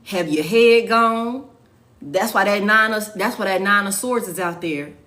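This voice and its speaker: A woman's voice: medium pitch, unhurried, sharp tone. A woman giving a casual tarot reading, blunt and profane, repeating lines for emphasis. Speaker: tarot reader.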